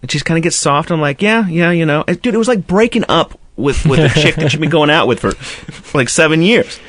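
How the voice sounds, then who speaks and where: A man's voice: fairly high pitch, lively intonation, a little fast, a bit bright, no echo. Profane storytelling radio host, man. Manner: profane storytelling with mimicked dialogue. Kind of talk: casual radio banter.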